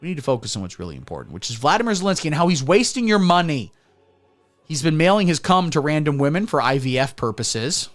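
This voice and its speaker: A man hosting a satirical comedy livestream who rants crudely and sarcastically, swinging between mumbling and loud. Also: on the high side, big pitch swings, fast talker, faint music behind. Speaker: comedy streamer.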